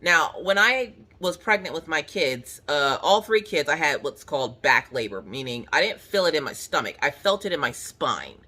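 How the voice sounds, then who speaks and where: A woman in her thirties casually telling viewers a story from home, animated and full of "like", acting out her own reactions. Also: sits low, moderate pace, few pauses, breathy edge. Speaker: crafting channel host.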